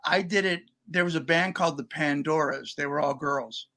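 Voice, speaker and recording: A male podcast co-host with a fairly high, forceful, bright voice. He tells loose, anecdotal stories in easy, casual chat. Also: normal speed. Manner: relaxed anecdotal storytelling.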